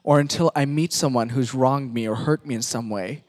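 A man's voice: mid-range voice, normal speed, darkish tone. A man from Pakistan, a pastor, animatedly narrating a sermon skit and directing volunteer actors.

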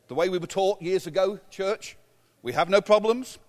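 A man's voice: sits high, moderate pace. An English man in his fifties preaching a sermon as pastor, telling humorous, self-mocking stories. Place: church. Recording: long hall reverb.

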